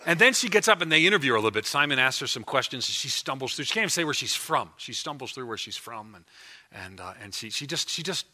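A man preaching a sermon as pastor in a church, animated and emphatic, often restarting his phrases. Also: mid-range voice, fast talker. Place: church before a congregation.

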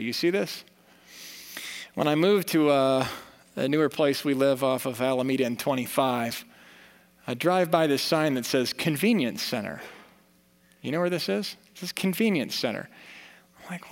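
A man's voice: on the high side, fairly quick. Earnest preaching man in a reverberant church. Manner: earnest, conversational preaching with rising emphasis. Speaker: pastor. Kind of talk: sermon. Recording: long reverb of a church hall.

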